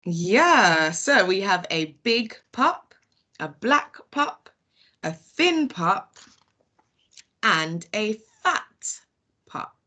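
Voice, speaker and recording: Slow, patient British woman teaching phonics. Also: mid-range voice, big pitch swings, bright, forceful tone. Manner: slow, sounds out letters one by one, praises often. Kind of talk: phonics lesson for children.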